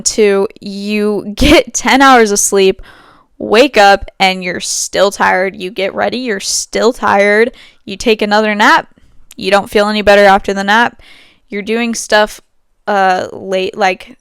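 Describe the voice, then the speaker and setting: Young woman, podcast host, smooth clear voice, dry close sound, rambling and candid, laughs a lot, lots of fillers. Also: mid-range voice, no room sound. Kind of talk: casual monologue. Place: at home.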